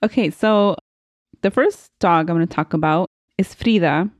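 A young woman with a lowish voice co-hosts a casual podcast. She giggles between sentences and reads from her notes in a chatty way. The recording is dry and close. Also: moderate pace, no room sound. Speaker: podcast co-host. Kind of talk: casual chat, reading notes.

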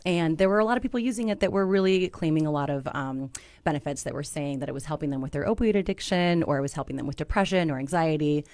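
A woman reporter on a news panel, speaking earnestly and halting with fillers. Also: low-pitched, a little mellow, dry recording.

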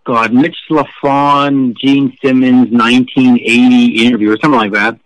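Middle-aged male rock journalist; lively, profane, snarky storyteller; dry, close recording. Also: mid-range voice, moderate pace, no room sound, highs cut off. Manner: animated, profane, snarky anecdotes. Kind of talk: casual interview storytelling.

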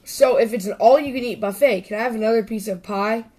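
A woman's voice: a little high, fast talker, mellow, natural voice. A woman voicing a young boy squirrel in a storybook, mumbling and unsure of himself. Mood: sulky.

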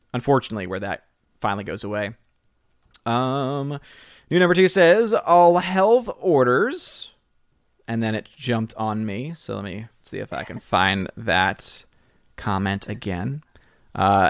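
A man from the southern United States hosts a casual live stream, greeting viewers by name and reading out chat comments. His voice is mid-range, and the clean studio recording is dry.

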